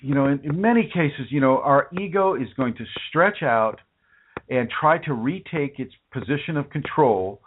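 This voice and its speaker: A man's voice: mid-range voice, animated, moderate pace, slight background noise. A man hosting a spiritual teaching broadcast, speaking earnestly and colloquially with frequent restarts and repeated words. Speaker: spiritual teacher and show host. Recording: phone-like narrow sound.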